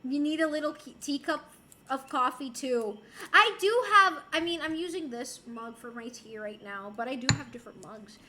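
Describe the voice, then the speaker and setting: A woman's voice: sits high, expressive, normal speed, bright, forceful tone, slight background noise. A woman from Puerto Rico streaming and chatting casually with viewers, playful and giggly, dropping in Spanish and French phrases. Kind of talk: casual chat reading viewer messages.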